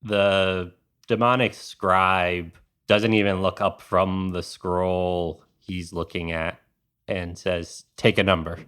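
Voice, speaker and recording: A man narrating a tabletop game as the game master, in calm and unhurried narration. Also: low-pitched, clear, resonant tone.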